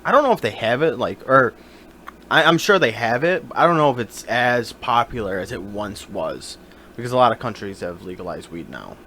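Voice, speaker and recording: A man's voice: mid-range voice, expressive, moderate pace, bright, forceful tone, a little hiss or hum. A young man co-hosting a casual podcast, rambling and trailing off as he sits back from the mic. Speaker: podcast co-host. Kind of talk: casual chat. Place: small room, smoking cigars. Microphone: sitting back from the desk mic.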